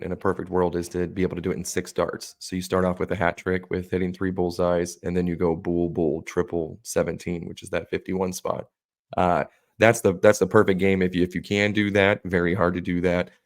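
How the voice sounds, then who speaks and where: A man with a somewhat low voice tells a long, meandering story in casual podcast chat. He swears freely and jumps into animated quotes of other people. The sound is close and dry. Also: a little fast, no echo. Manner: rambling, profane, animated quoting of others. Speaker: podcast co-host.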